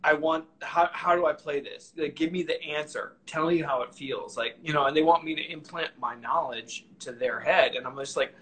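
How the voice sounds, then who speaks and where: A man's voice: mid-range voice, a bit bright, slight background noise, low-quality recording. A man hosting a casual video call chat, laid-back and agreeable, using casual slang. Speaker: host horn player.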